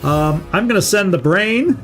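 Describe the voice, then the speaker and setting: Middle-aged male let's-play host, slightly high voice, chatty and unhurried, thinks out loud and restarts his words; faint music underneath. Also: expressive. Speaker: gaming channel host. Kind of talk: casual let's-play commentary.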